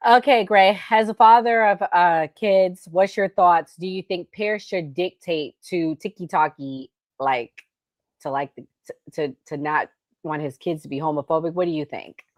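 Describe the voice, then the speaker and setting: A woman's voice: lowish voice, measured pace, no echo. A woman hosting a casual podcast panel, steering the talk and throwing questions to her guests. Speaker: host.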